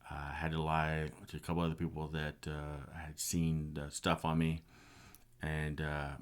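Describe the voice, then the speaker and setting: A man's voice: very deep voice, completely flat delivery, moderate pace. A middle-aged man giving an earnest, passionate personal testimony. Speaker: speaker sharing a personal story.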